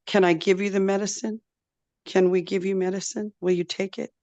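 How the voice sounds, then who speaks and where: A woman voicing a gentle, caring male wolf healer in a spoken folk tale, pleading softly. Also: medium pitch, level tone, brisk, no room sound, highs cut off, natural voice. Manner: pleading, patient, soft-spoken.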